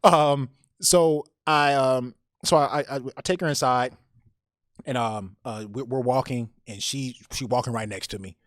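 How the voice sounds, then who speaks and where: A man telling a personal story on a podcast, animated and often repeating words as he goes. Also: medium pitch, measured pace, no echo, studio quality.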